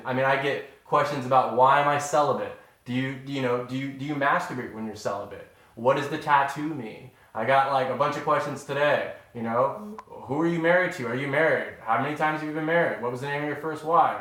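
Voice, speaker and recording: A man talking in a casual, rambling live-stream chat with his viewers, showing off groceries and homemade pickles in a kitchen. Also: on the high side. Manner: animated, rambling, addresses viewers as y'all. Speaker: vlogger. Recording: echoey room.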